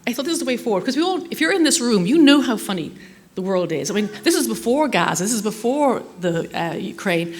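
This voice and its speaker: A woman's voice: medium pitch, very animated, brisk, hardly any pauses. A middle-aged woman, giving a chatty conference talk full of anecdotes and self-deprecating jokes. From Ireland. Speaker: conference speaker. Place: conference hall.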